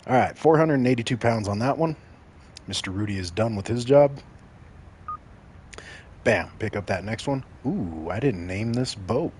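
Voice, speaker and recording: A man's voice: lowish voice, expressive, moderate pace, long pauses, a little mellow, a little hiss or hum. A man from Mexico giving casual, joking commentary while streaming a video game and talking straight to his chat.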